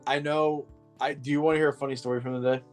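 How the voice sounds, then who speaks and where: A man's voice: medium pitch, little pitch movement, quick pace, soft background music. Joking, foul-mouthed podcast co-host man. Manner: profane, joking, laughs often. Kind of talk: casual chat.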